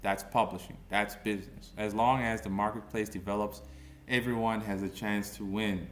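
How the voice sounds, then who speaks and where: A man's voice: lowish voice, steady tone, moderate pace, slight background noise. A man in his thirties ranting in a mocking, confrontational commentary, full of slang. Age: 30s. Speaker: online commentator.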